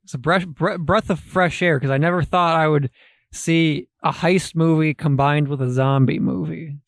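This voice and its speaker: A man's voice: on the high side, steady tone, normal speed, no room sound, studio quality. A man co-hosting a podcast, giving blunt, laid-back opinions on a film with casual swearing. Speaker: podcast co-host. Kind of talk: casual film review chat.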